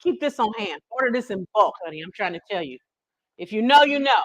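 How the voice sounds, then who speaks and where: A woman's voice: medium pitch, animated, brisk, fairly bright tone, no room sound, rough recording. A woman hosting a live cooking stream, chatty and folksy, talking straight to her viewers with teasing asides. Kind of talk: casual live cooking demonstration.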